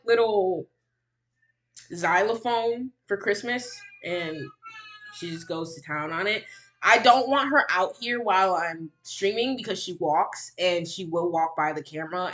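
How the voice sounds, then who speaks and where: A woman streamer giving sarcastic reaction commentary on a video, swinging from mocking exclamations to low muttering. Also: pushed and bright.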